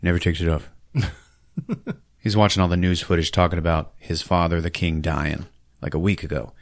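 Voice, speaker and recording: A man's voice: sits low, steady tone, moderate pace, no echo, clean studio sound. A man hosting a podcast, giving a casual, profane, laughing recap of a film and acting out scenes. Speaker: podcast host.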